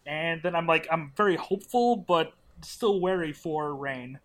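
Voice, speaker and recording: Man co-host, tentative, somewhat high-pitched. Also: a little slow, fairly bright tone. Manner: hesitant, tentative. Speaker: podcast co-host. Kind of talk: casual podcast chat.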